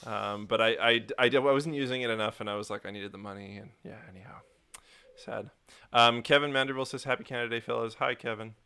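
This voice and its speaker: Brief: male stream host, mid pitch, bright edgy tone, halting casual talk, reads comments. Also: smooth. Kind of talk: casual livestream chat.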